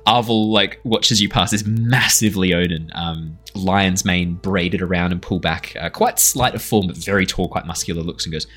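A man's voice: sits low, normal speed, few pauses, fairly bright tone, slightly rough, faint music behind. A man narrating as game master in a tabletop game, casual, with many fillers and some laughs. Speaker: dungeon master.

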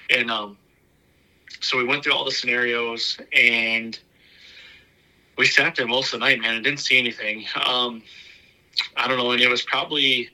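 A man at an ordinary pitch tells a bowhunting story in a casual, meandering way. His tone is very bright and cutting, and he leans on "like" and "you know" as he goes. At the tense moments he drops to a near whisper. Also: low-quality recording. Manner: loose and rambling, full of "like" and "you know". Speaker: bowhunter recounting a hunt.

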